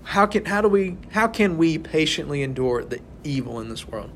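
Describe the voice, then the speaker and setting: Speaking to a small group in an informal sermon, this young man runs a relaxed Bible study and keeps asking "right?" as he talks conversationally. His fairly high voice is very animated and moves at normal speed. Slight background noise is present.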